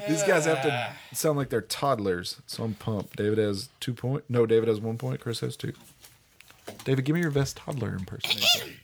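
A man's voice: mid-range voice, wildly swooping pitch, normal speed, creaky, fairly bright tone, slight background noise. A man hosting a party game with friends, laughing, swearing and mocking himself. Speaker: game host reading the cards. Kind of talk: casual game banter.

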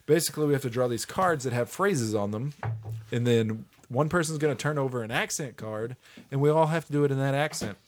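A man's voice: mid-range voice, brisk, a little hiss or hum. A man hosting a casual podcast, joking around, laughing often and swearing casually. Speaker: podcast host. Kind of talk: casual chat.

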